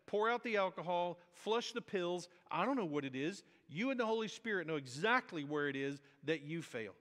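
A man preaching a sermon as a pastor in a conversational, animated way, often acting out quoted voices. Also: high-pitched, normal speed, few pauses. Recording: reverberant hall.

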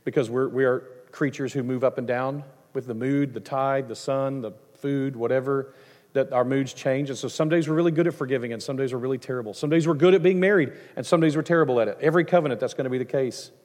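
A middle-aged man, a pastor, preaching a sermon in a conversational, animated way, with asides and acted-out quotes. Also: medium pitch, quick pace. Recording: long hall reverb.

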